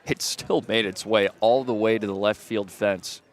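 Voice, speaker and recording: A man's voice: fairly low pitch, fairly even intonation, normal speed. A man giving color commentary on a radio baseball broadcast, breaking down swings and plays. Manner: analytical, explains plays after they happen.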